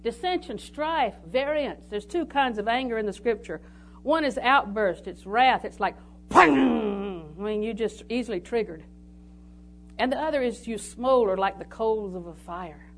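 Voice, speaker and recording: A woman with a drawl preaches in a folksy, storytelling way, moving between anecdotes and scripture readings. Her voice sits a little high for a woman. A faint hum runs underneath. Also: expressive, normal speed. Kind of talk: sermon.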